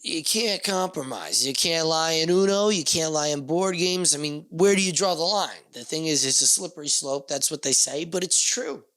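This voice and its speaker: A man's voice: fairly high pitch, moderate pace, few pauses, fairly bright tone, no echo. A man with a New Jersey accent hosting a casual solo podcast from a small, dusty backyard shed, rambling with profane jokes and asides. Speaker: podcast host.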